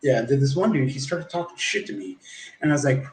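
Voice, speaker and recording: A man's voice: mid-range voice, expressive, brisk, recorded from a distance. A man casually telling a long story on a stream, rambling and swearing, with many fillers and restarts. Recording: echoey room with faint background noise.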